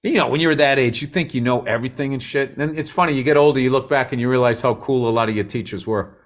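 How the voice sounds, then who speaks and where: A man's voice: mid-range voice, quick pace. A middle-aged man co-hosting a podcast in casual chat, blunt and profane with a joking edge. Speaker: podcast co-host.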